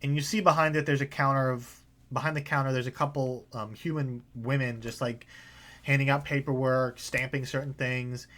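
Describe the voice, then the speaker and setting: A man's voice: medium pitch, fairly even intonation, moderate pace, fairly bright tone. A man narrating a tabletop game as game master, casual and rambling with many fillers.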